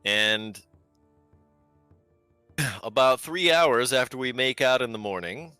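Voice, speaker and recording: Bright-voiced man narrating as game master. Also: mid-range voice, clean tone, no room sound, soft background music. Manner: measured descriptive narration with casual asides.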